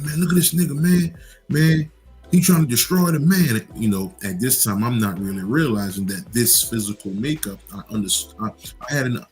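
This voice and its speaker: Low-pitched guy rambling about spirituality, swears a lot, restarts, soft music behind. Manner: rambling, profane, lots of restarts. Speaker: host. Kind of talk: casual spiritual monologue.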